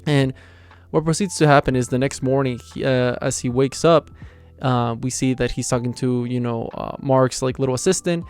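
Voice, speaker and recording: A man's voice: medium pitch, steady tone, normal speed, a little mellow, clean tone, faint music behind. A young man casually recapping an anime episode as a reviewer, rambling and filling gaps with "like" and "you know.".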